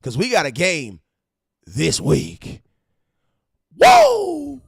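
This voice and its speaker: A man from California hosting a casual fan-show livestream, hyped and slangy as he shouts out his viewers. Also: medium pitch, brisk, smooth, no echo, clean studio sound. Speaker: livestream host.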